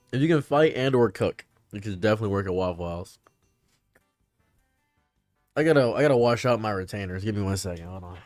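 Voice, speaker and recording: A young man chatting casually on a live stream, animated, rambling and laughing often. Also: medium pitch, no room sound, clean studio sound.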